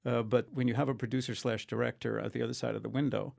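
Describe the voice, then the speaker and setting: Male audiobook narrator, gravelly, wry and self-deprecating, in an interview. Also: mid-range voice, little pitch movement, fast, darkish tone. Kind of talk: conversational interview.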